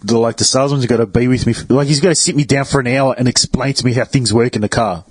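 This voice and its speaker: A man's voice: mid-range voice, steady tone, fast, breathy edge, no echo. A man chatting casually as a podcast guest, laid-back with short replies and chuckles. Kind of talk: casual chat.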